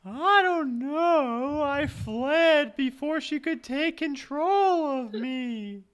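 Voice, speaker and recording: A game master voicing the timid ghost of a murdered young woman in a tabletop game, with a high, wavering, drawn-out wail. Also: expressive, a bit bright, exaggerated voice. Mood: timid, ghostly.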